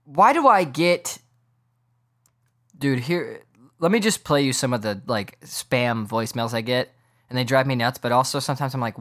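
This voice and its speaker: A man's voice: mid-range voice, animated, normal speed, fairly bright tone. A man hosting a casual sports podcast, ranting in a rambling, incredulous way. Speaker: podcast host.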